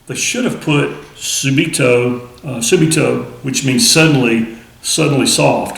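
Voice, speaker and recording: Man, music teacher, casual explaining, gravelly voice, roomy echo. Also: a little high, measured pace, slight background noise. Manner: counts aloud, explains plainly and casually. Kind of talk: instructional demonstration. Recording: echoey room with loud drumming. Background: snare drum playing.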